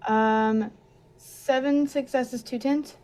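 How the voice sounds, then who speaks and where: Woman player, mid-pitched, casual, blunt, swears. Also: steady tone, takes it slowly, a little mellow. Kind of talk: casual tabletop game chat.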